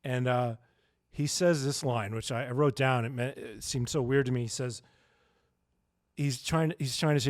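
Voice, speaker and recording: A man co-hosting a podcast in casual chat, jokey and laughing often, slipping into quick mock voices. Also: mid-range voice, steady tone, dry recording, studio quality. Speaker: podcast co-host.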